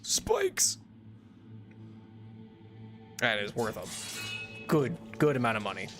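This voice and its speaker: A man's voice: fairly low pitch, normal speed. A man chatting casually while streaming a game, rambling with lots of fillers and restarts, laughing often and yelping at mishaps. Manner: yelps loudly at in-game mishaps. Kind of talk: casual live-stream chat. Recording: background game music.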